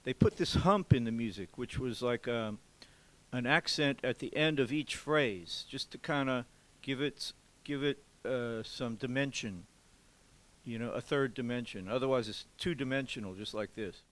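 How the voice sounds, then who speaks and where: A man from Louisiana, a drummer, giving an informal music lesson in a museum café, explaining calmly with pauses and counting beats aloud. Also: mid-range voice, poor audio. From Louisiana, USA.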